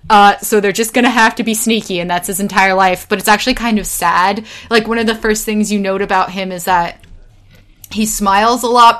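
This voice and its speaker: A young woman talking casually, full of fillers, swearing freely and telling stories with lively energy. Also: medium pitch. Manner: rambling, filler-heavy, swears freely, animated storyteller. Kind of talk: casual chat.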